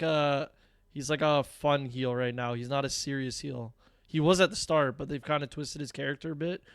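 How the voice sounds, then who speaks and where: A man's voice: medium pitch, clear, resonant tone, no room sound, studio quality. A man co-hosting a casual podcast chat, slangy and confident, calling his partner bro. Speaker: podcast co-host.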